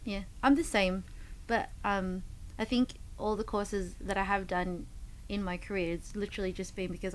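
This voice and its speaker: A woman's voice: mid-range voice, steady tone, moderate pace, slight background noise, rough recording. A woman, a fitness coach, telling rambling stories in a casual podcast chat. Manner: rambling storyteller with many fillers and restarts.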